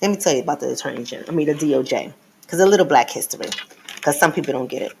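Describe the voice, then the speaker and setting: A woman's voice: sits low, rapid-fire, vocal fry, a little mellow, a little hiss or hum. A middle-aged woman hosting a live stream, who lectures her viewers in a teacherly way and repeats her points. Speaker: host.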